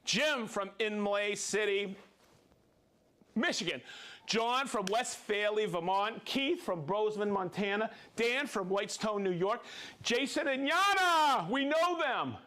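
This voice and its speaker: A man's voice: sits high, animated, a little slow, sharp tone. A man hosting a livestream, reading out viewer names and hometowns with upbeat cheering and chatty asides. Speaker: livestream host. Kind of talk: reading viewer shout-outs.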